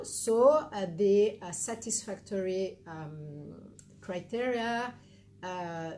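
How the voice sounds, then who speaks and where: Slow-speaking woman teaching dentistry. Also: medium pitch, a little mellow. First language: Arabic. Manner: patient step-by-step explaining with fillers. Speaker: dental instructor. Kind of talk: live teaching demonstration.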